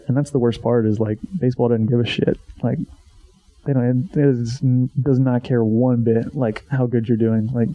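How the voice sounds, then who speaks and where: A man in his twenties, a former college pitcher, casually telling a story, swearing freely and acting out what he once said. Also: warm tone. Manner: swears freely, acts out his own past remarks. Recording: dull lo-fi sound.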